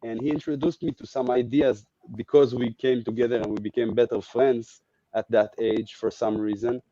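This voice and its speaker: A man's voice: mid-range voice, level tone, moderate pace, mellow, no echo, dull audio. A man from Israel, a podcast guest talking casually and thoughtfully, searching for his words. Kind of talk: casual reflective chat.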